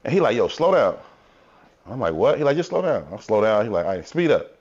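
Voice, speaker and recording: A man, co-hosting a podcast and telling animated, profane stories in casual chat. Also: fairly low pitch, a little fast. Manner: animated storyteller, profane, acts out quotes. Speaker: podcast co-host. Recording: dull lo-fi podcast audio.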